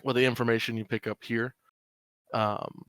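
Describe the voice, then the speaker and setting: Man as game master, halting with lots of ums, mid-pitched, dry close sound. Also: flat delivery, fairly bright tone, dry recording. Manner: halting, full of fillers and restarts. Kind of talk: narrating a tabletop horror game.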